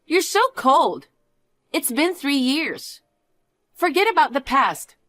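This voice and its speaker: A woman's voice: high-pitched, big pitch swings, takes it slowly, a bit bright, voice pushed up, exaggerated voice. A woman voicing a spoiled, self-satisfied young niece who speaks in a taunting, sing-song way in a dramatized story reading. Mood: whiny pleading.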